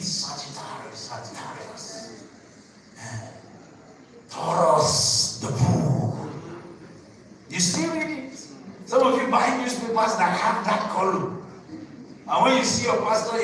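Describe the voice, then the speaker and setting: A man, a pastor preaching a sermon, switching between low asides and sudden shouted bursts while he questions the congregation. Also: unhurried. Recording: echoey hall from far off with noise.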